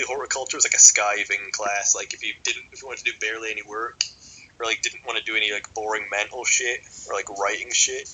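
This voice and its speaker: A man's voice: lowish voice, pushed and bright, slightly rough, rough recording. A young man telling a rambling school story on a podcast, swearing constantly and filling every gap with "like". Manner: sweary, rambling, filler-heavy. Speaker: podcast co-host.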